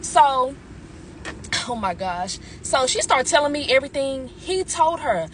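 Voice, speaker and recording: A woman's voice: sits high, big pitch swings, measured pace, a little hiss or hum. A woman telling her own story about a relationship in a blunt, heated, profane way. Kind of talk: casual storytime.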